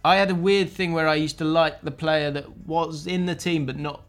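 Man, podcast host, chatty and rambling, a touch higher-pitched. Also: steady tone, moderate pace, a bit bright. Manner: rambling, laughs while telling stories. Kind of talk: casual football chat.

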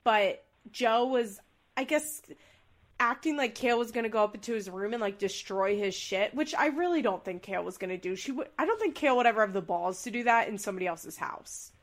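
Animated young woman recapping with gusto. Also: fairly high pitch, brisk. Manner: animated, acts out quotes with big voices and laughs. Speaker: podcast co-host. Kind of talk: casual chat recapping a reality show.

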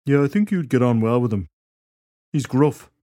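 A man voicing a chatty, cheeky druid in an audiobook, pitched a bit above his narrating voice. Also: expressive, normal speed, warm tone, no room sound, studio quality, natural voice.

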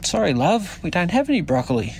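A man's voice: high voice, big pitch swings, brisk, creaky, a little hiss or hum, exaggerated voice. A young Aussie shop worker, put on by a man telling a joke, sounding worn down and clipped. His tone stays everyday and close to the teller's own. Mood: weary. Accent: Australian.

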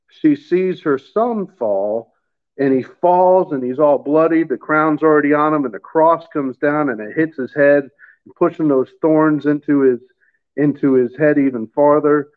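A man in middle age telling his faith story in casual chat, halting and repeating words as he gets emotional. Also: fairly high pitch. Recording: phone-line sound.

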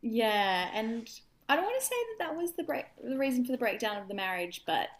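A young woman chatting casually as a podcast co-host, telling animated stories with wry asides. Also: a little high, brisk. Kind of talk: casual chat.

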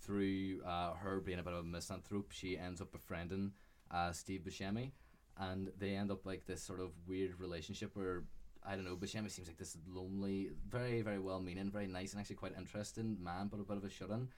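Man, very low voice, casual podcast talk, hesitant, lots of fillers. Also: level tone, brisk. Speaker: podcast co-host. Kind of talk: casual film chat.

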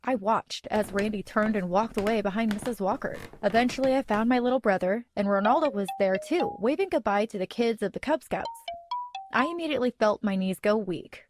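A woman's voice: medium pitch, a little fast, music in the background. A young woman narrating a first-person story in a chatty, dramatic way. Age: young adult.

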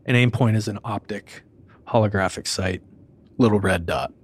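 A man, a police detective, recounting an incident in an interview in a steady, matter-of-fact way. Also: lowish voice, normal speed, slightly rough.

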